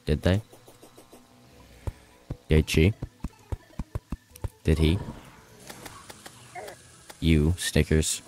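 A man's voice: a bass voice, darkish tone, a little hiss or hum. A man streaming a video game live, chatting loosely with viewers, often panicking and laughing. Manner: panicky, laughing, rambling to chat.

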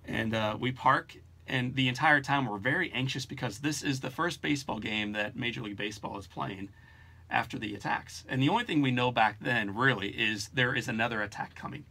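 A man hosting a podcast, talking in a warm, emphatic way as he sets up a story for his guest. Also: medium pitch, brisk. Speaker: podcast host. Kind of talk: interview conversation.

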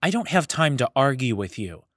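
A man's voice: very animated, moderate pace, fairly bright tone, dry recording, studio quality. A man voicing a determined male hero of light who speaks in a curt, commanding way. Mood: firm. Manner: curt, commanding, low-key.

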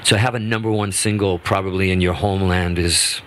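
Low-pitched male guest musician, chatty radio storyteller who restarts his sentences a lot. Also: brisk, slight background noise. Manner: rambling, animated anecdotes with restarts. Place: radio studio.

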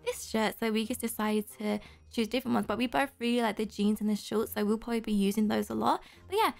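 Brief: young-sounding woman game streamer, high voice with vocal fry, bubbly, gasps and squeals a lot. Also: fast. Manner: excitable, gushing, frequent gasps and squeals; talks straight to viewers. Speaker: YouTuber host. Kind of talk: Roblox gameplay commentary.

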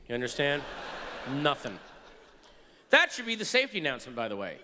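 A man performing a stand-up comedy routine on stage, animated, swinging between muttered asides and shouted rants. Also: a little high, moderate pace, slight background noise. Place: large theater stage before a live audience. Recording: live hall recording with reverb.

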